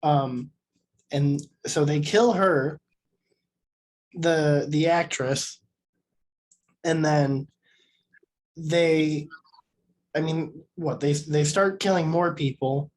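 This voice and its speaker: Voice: mid-range voice, drawn-out words, long pauses, darkish tone. A podcast co-host talking through a horror film casually, with many "like"s and restarts. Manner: filler-heavy, meandering speech.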